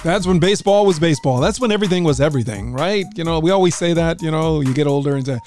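Chatty, lively-voiced male radio DJ. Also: a little high, quick pace, few pauses. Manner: rambling, joking and chatty. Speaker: radio DJ host. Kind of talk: casual radio show chat. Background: music playing.

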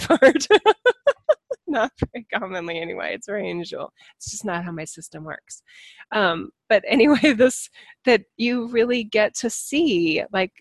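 A woman talking casually to her followers as a spiritual channeler and teacher, animated and earnest, laughing often as she reflects on herself. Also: mid-range voice, dry recording.

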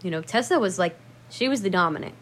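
A woman casually telling memories about her dogs in a rambling, profane way, laughing at herself and jumping up loud when she acts out what people said. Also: lowish voice, lively intonation, fast. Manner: acts out quoted lines with sudden loud bursts. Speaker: dog owner telling memories. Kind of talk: casual storytelling to camera.

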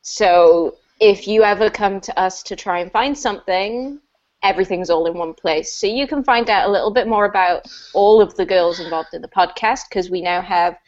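A woman's voice: medium pitch, moderate pace. A woman co-hosting a podcast, explaining things plainly in casual chat. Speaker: podcast co-host. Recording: muffled lo-fi recording.

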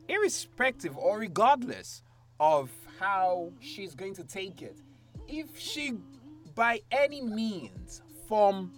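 A man hosting a casual group chat, asking questions and laughing often. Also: high-pitched. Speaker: podcast host.

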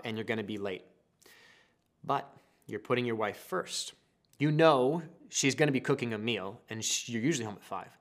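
A man preaching a sermon, telling everyday stories with lively, acted-out moments. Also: mid-range voice. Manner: animated storytelling, acting out husband and wife.

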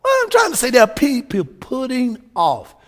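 Fervent high-voiced male preacher. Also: huge pitch swings, moderate pace. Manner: fervent, shouts emphasis, frequent hallelujahs. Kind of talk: sermon.

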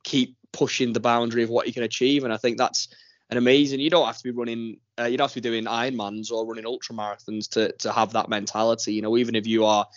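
A man's voice: medium pitch, level tone, fast, dry recording, lo-fi sound. A man hosting a casual podcast, chatty and teasing, enthusiastic when praising a guest. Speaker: podcast host.

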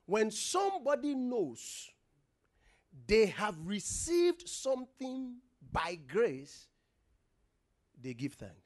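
A man with a high voice preaches with a lively, swooping delivery. He takes his time, leaning into each phrase, and throws questions out to the congregation for call-and-response. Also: takes it slowly, pauses often. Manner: emphatic, asks the congregation questions and has them repeat words. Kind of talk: sermon.

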